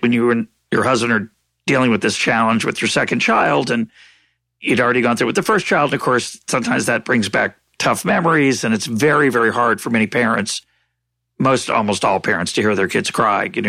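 A man interviewing an author, asking thoughtful questions in a halting way with frequent restarts. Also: mid-range voice, vocal fry, sharp tone, no echo. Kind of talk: conversational interview.

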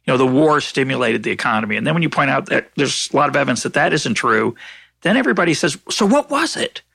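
A man hosting an interview podcast as an economist, speaking thoughtfully and acting out quoted exchanges in a higher voice. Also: expressive, quick pace, vocal fry, bright, forceful tone, slightly rough, no room sound. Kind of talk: conversational interview.

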